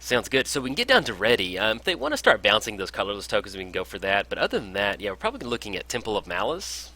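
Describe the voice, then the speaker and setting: Brisk, bright-voiced card game commentator. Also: male voice, lowish voice, wildly swooping pitch. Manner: upbeat, chatty, lots of fillers. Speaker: gameplay commentator.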